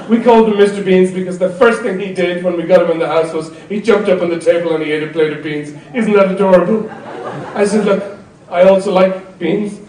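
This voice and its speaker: Middle-aged male stand-up comic, rambling and exasperated, pitched high, live theatre recording from far off. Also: quick pace, noisy background. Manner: rambling, exasperated, swearing, acts out voices. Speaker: stand-up comedian. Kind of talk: stand-up comedy routine. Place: large theatre before a live audience. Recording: roomy live hall recording from a distance, loud crowd laughter.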